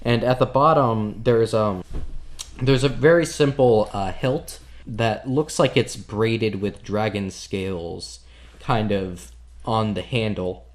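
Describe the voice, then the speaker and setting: A man's voice: on the low side, slow. A man running a tabletop game as game master, narrating scenes in a joking, loose way.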